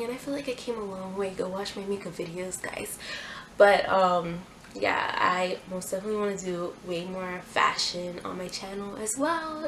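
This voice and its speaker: A woman's voice: mid-range voice, slight background noise, low-quality recording. A young woman hosting a casual clothing haul vlog, chatty and gushing, with lots of fillers. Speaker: fashion YouTuber.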